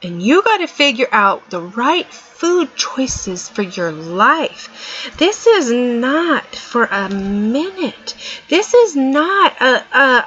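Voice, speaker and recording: In a high, sing-song voice with a slow pace, slight brightness and a breathy edge, a middle-aged woman vlogs an earnest motivational message. She repeats points to stress them, and the recording sounds dull and lo-fi.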